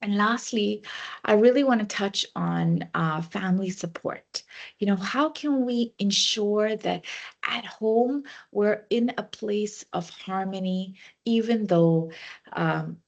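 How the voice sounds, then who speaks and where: A woman's voice: medium pitch, slow, vocal fry, lo-fi sound. Woman coaching with guided breathing cues. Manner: guiding, warm-toned advice with frequent "you know" fillers. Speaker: wellness trainer. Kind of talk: workshop talk with guided breathing.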